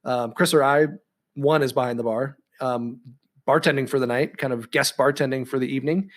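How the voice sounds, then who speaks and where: A man's voice: mid-range voice, steady tone, fairly quick. A man co-hosting a casual podcast, rambling and chatty with lots of ums and restarts. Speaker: podcast co-host.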